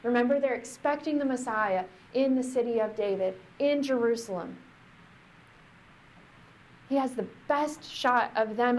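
A woman pastor reading scripture aloud and preaching in a reflective, conversational way, slowing down for emphasis. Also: fairly high pitch, a little mellow.

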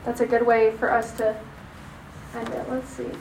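A woman's voice: on the high side, little pitch movement, normal speed, creaky, darkish tone, slight background noise. A woman teaching a casual Bible class, chatty, often asking "right?". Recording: echoey room recorded from a distance.

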